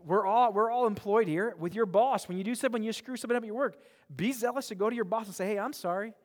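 A man's voice: sits high, fast talker. A man pastor preaching a sermon in a church, earnest and emphatic, often repeating words as he presses a point. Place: church sanctuary. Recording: long reverb of a large hall.

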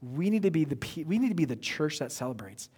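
A middle-aged male pastor preaching with a lively, conversational storytelling manner. His voice sits a bit higher than most men's. Long echo from the church hall trails behind each phrase. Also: fast talker, husky. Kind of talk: sermon. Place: church sanctuary.

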